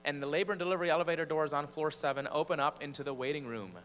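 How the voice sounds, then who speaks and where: Man, preacher and singer, animated storytelling, long church reverb. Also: a little high, racing. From Michigan. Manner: animated storyteller, building suspense. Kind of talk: storytelling from the pulpit. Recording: long church reverb, faint mains hum.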